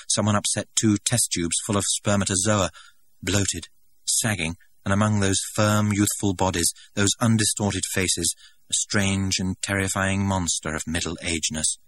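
A man narrating an audiobook in a measured, dramatic reading. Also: low voice, fairly even intonation, fairly bright tone, a little hiss or hum.

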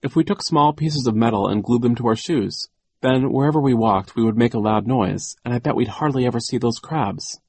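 A man's voice: medium pitch, a little fast, a little mellow, husky, pitched above the performer's own voice. A man voicing an eager young girl who loves inventing, in a storybook reading.

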